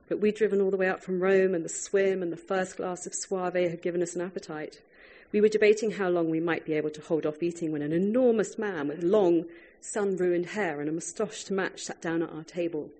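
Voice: medium pitch, warm tone. An author reading their own food writing aloud to a live audience, wry and breaking off now and then for chatty asides.

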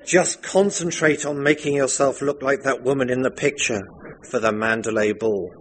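A man's voice: mid-range voice, moderate pace, a little hiss or hum, voice pushed up, natural voice. A man voicing a cold, obsessive female housekeeper who speaks with stern intensity.

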